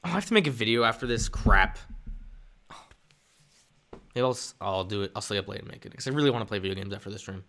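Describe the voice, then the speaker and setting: A young man chatting casually on his live stream, rambling and joking at his own expense. His voice is bright and gravelly, with pitch swinging around a lot. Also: expressive, fast, long pauses. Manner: self-deprecating, rambling.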